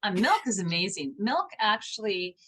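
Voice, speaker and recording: A woman's voice: mid-range voice, moderate pace, slightly rough. Earnest middle-aged woman telling a story. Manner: earnest, animated storyteller with frequent restarts. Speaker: guest homeopath. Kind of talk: podcast interview storytelling.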